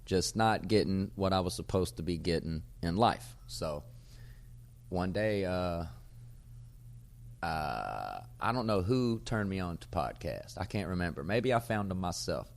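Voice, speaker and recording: A man, a comedian hosting his podcast, telling a casual, profane story and getting loud when he acts out old arguments. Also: sits low, measured pace, gravelly. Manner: profane, animated storyteller who gets loud acting out arguments.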